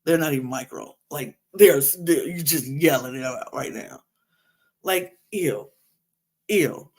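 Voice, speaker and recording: A woman hosting a podcast, recapping a reality show in an animated, exasperated rant full of asides. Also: sits low, slow, husky. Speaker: podcast host.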